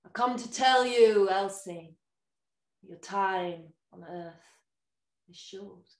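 A woman voicing an ominous hoofed devil-like man who speaks slowly and in a hushed, menacing way. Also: mid-range voice, distant mic, close to an everyday voice. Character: ominous devilish male visitor with hooves. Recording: echoey room, away from the mic on a video call.

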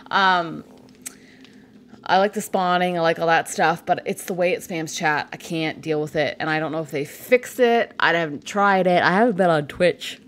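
A woman's voice: on the low side, moderate pace. A woman from Canada chatting casually and making crude jokes while playing a game on a live stream.

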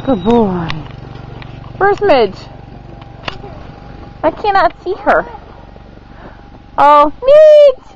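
High sing-song woman coaxing dogs. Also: big pitch swings, drawn-out words, pauses often. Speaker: dog owner filming her pets. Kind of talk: home video chatter. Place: snowy yard outdoors. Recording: muffled home video, loud outdoor noise.

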